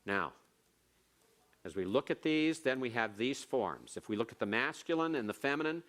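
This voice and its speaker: A man's voice: mid-range voice, expressive, normal speed, fairly bright tone. A man teaching Hebrew grammar in a classroom lecture, explaining patiently step by step and repeating key points.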